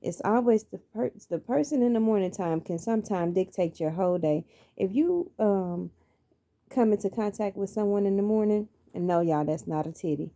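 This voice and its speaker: A woman's voice: mid-range voice, animated, normal speed, mellow. A middle-aged woman, telling her life story in an earnest, preacherly way and repeating phrases for emphasis. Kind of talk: personal motivational monologue.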